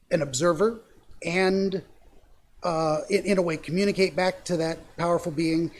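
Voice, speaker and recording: Curious podcast host man, slightly high voice. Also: darkish tone, a little hiss or hum. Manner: probing, with frequent restarts and stammers. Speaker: podcast host interviewing a dreamer. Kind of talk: casual interview.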